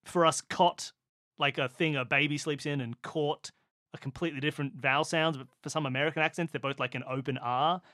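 Aussie guy rambling on a podcast, kinda high voice, dry close sound. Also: steady tone, brisk, pushed and bright, dry recording. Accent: Australian. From Australia. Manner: chatty, explains at length with asides. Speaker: podcast co-host. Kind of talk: casual chat.

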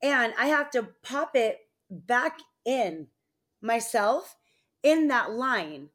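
A woman with a slightly high voice speaks slowly as she co-hosts a podcast. In a casual chat she tells funny stories with animated energy, laughing often.

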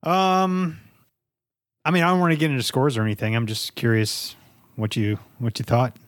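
A man's voice: medium pitch, steady tone, moderate pace, no echo, studio quality. A man co-hosting a casual movie review podcast, talking in a chatty, playful way and swearing casually. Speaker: podcast co-host presenting the movie.

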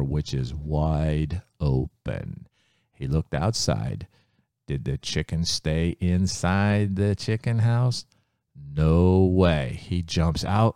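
A man telling a children's story with lively sound effects, often quizzing his listeners. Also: very deep voice, no room sound, studio quality.

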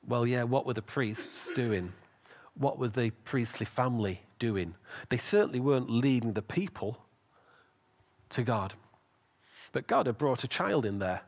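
A man preaching a sermon, retelling a story with lively acted-out voices. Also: lowish voice. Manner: animated storytelling with acted quotes.

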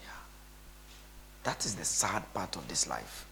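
Tired-voiced pastor speaking in tongues. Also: male voice, low-pitched, very animated, unhurried, vocal fry, bright, forceful tone, slight background noise. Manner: bursts into tongues and repeated chanted phrases. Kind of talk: preaching to a gathering.

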